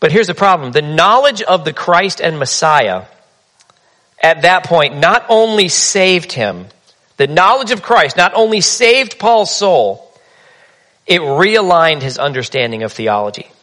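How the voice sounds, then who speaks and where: A man's voice: a little high, sing-song, a little slow, sharp tone. A man preaching a sermon in a conversational, humorous storytelling manner. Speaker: pastor.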